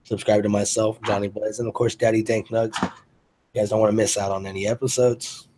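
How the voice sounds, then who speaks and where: A man's voice: lowish voice, little pitch movement, a little fast, background noise. A man hosting a casual chat, rambling and profane, often restarting his sentences. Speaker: host.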